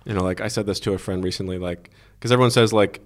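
A man co-hosting a casual podcast, talking in quick, animated rambles with lots of "like". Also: on the low side. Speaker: podcast co-host, magazine writer. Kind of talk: casual chat.

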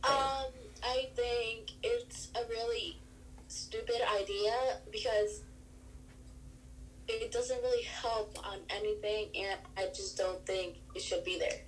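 A woman's voice: on the high side, fairly even intonation, takes it slowly, a little hiss or hum, poor audio. A young woman answering questions on a homemade mock news show, blunt and terse, prone to giggles. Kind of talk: casual mock news banter.

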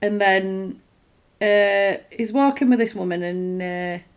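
A woman in casual conversation, retelling a film's plot with animated bits of acted dialogue. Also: mid-range voice, clear, resonant tone. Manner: animated retelling, acts out lines in quick put-on voices; conversational, with fillers and restarts. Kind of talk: casual film recap chat.

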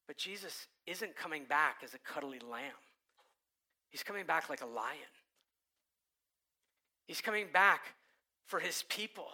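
A man preaching a sermon with a high, very bright voice. He is animated, rising to loud, urgent passages and dropping to hushed ones. He acts out the voices he quotes. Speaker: pastor.

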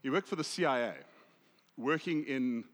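A man's voice: medium pitch, moderate pace. South African man preaching in a hall. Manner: swings from loud emphasis to hushed asides, acts out inner voices. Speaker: pastor. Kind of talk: sermon.

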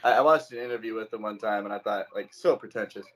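A man's voice: on the low side, quick pace, a bit bright, rough recording. A young man co-hosting a podcast, talking bluntly and swearing in casual chat. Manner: blunt, swearing, asks questions. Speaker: podcast co-host.

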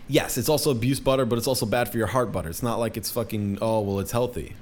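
A man's voice: mid-range voice, quick pace, darkish tone. A young man ranting casually, swearing a lot and restarting his sentences often. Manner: profane, rambling, many restarts. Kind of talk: casual rant.

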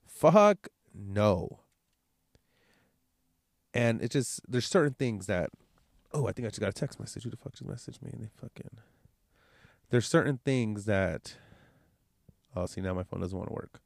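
A man's voice: on the low side, lively intonation, unhurried, vocal fry, pauses often, dry recording, clean studio sound. A man with a stuffed-up nose from a cold, hosting his podcast in a rambling, profane, candid way. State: congested, nasal from a cold. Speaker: podcast host. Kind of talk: casual solo podcast monologue.

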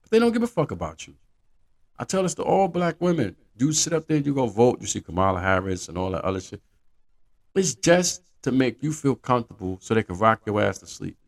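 A man hosting a podcast who delivers a casual monologue with profane, animated storytelling. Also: mid-range voice, fairly quick, gravelly. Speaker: podcast host.

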